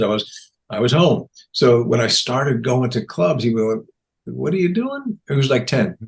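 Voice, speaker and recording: A man in his sixties tells stories in a relaxed interview at a medium pitch. He talks animatedly, slips into livelier voices to act out what people said, and laughs along the way. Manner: animated, acts out quotes in raised voices, laughs often. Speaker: guest comedian. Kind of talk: casual interview storytelling.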